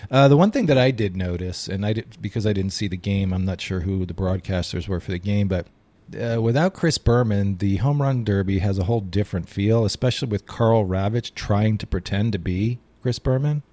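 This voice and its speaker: Lower-voiced middle-aged man hosting sports chat. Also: a little fast, dark tone, no echo. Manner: easygoing, reminiscing, steers the show. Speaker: podcast host.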